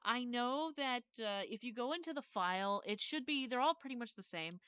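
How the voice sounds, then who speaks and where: A woman live-streaming, chatting casually as she walks viewers through steps and keeps correcting herself. Her voice is bright and crisp. The sound is close and dry. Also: a little high, lively intonation, moderate pace, no echo. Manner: rambling, self-correcting, thanks viewers. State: has hiccups.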